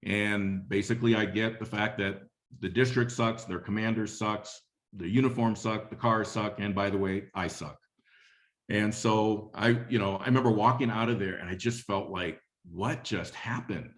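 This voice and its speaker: Low-voiced man telling a leadership story. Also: fairly even intonation, moderate pace. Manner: conversational storyteller, repeats phrases. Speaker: webinar speaker on leadership. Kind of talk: motivational talk with anecdote.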